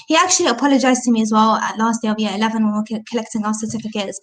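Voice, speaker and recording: A woman's voice: a little high, very fast, hardly any pauses. A British woman telling her personal story as an interview guest, hesitant with many restarts, livening up when she quotes people. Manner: hesitant, many restarts and "you know", animated when quoting others.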